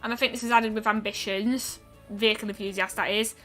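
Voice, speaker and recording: Bright-voiced woman chatting through gameplay. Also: mid-range voice, fairly even intonation, fairly quick, soft background music. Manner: chatty and musing, trailing off with frequent ums. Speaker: streamer. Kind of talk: casual gameplay commentary.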